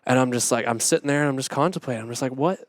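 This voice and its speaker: A young man, a podcast guest, telling a hunting story in a casual, animated way, full of fillers and acting out his own thoughts. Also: mid-range voice, racing, dry recording, studio quality. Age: young adult.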